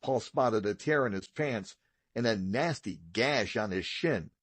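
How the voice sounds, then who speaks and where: A man narrating a children's audiobook, with steady, expressive read-aloud storytelling. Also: fairly low pitch, measured pace, husky, no room sound. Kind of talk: scripted narration.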